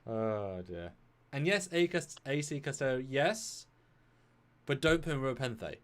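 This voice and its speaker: This co-host of a casual live film discussion has a mid-range voice and a measured pace. Animated and jokey, he argues his view as the conversation goes.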